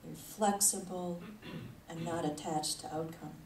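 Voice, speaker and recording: A woman's voice: fairly low pitch, fairly even intonation, unhurried, darkish tone. A woman spiritual leader giving a conversational sermon, chuckling often as she talks. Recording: echoey hall, mic at a distance, faint noise.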